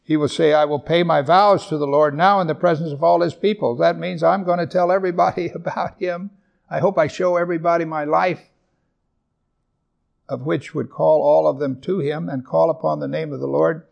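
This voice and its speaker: A man pastor preaching a sermon, earnest, repeating and slowing down on scripture verses for emphasis. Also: on the high side, steady tone, creaky, muffled recording.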